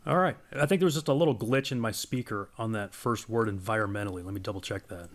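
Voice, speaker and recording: Casual man walking through a software demo. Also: on the low side, fast talker. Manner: casual, explanatory, with fillers. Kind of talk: screen-share product walkthrough.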